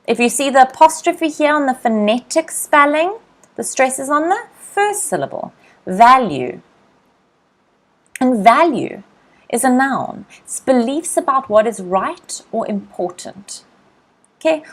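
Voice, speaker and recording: A young woman with an Australian accent teaching English vocabulary in a live online lesson, repeating each word slowly and greeting viewers by name. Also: high voice, expressive. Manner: slow, drilled word repetition.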